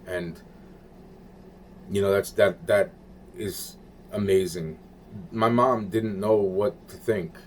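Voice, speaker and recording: A man with a very low, dark voice rambles through a monologue. He repeats himself, swears often and trails off mid-thought. A faint hiss sits under the recording. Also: fairly even intonation, slow pace, long pauses. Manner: rambling, repetitive, profane, searching for words.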